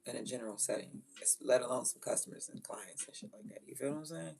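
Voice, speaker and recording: A woman who is a mother, telling stories in a blunt, profane, animated way and laughing often. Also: rumbling low, fast talker, creaky, husky. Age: adult with children. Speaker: vlogger. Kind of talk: casual storytelling rant.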